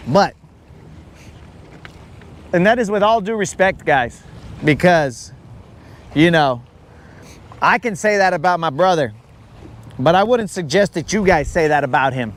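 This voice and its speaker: A high-voiced man talks in an unhurried, joking way as he hosts a live fishing stream from a boat. He greets viewers by name and wanders off into teasing asides. Faint boat and water noise sits under his voice. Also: animated. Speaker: fishing livestream host. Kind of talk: casual live-stream chat. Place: on a boat on a lake outdoors.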